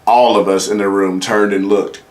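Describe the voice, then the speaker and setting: A man's voice: on the low side, little pitch movement, normal speed, darkish tone. Laid-back profane man telling stories. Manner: profane, laid-back anecdotal delivery with quoted voices. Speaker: comedian. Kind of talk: casual solo podcast storytelling.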